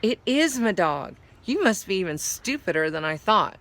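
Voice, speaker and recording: A woman's voice: mid-range voice, sing-song, normal speed, fairly bright tone. A woman voicing a headstrong young girl who cries out urgently. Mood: excited. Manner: urgent, exclamatory.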